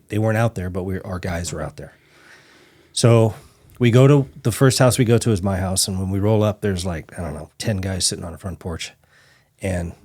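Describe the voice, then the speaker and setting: A man with a very low voice hosts a podcast in a relaxed, chatty way. He laughs along with his guest and tosses in quick wisecracks. Later he tells his own story in the same easy tone. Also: breathy edge. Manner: laughs along, short joking interjections, then storytelling. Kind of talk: casual chat.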